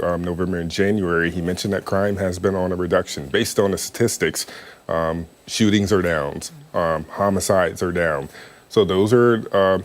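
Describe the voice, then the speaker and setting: A man reporting for a local TV news show, talking conversationally with frequent ums. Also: low-pitched. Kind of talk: live news debrief.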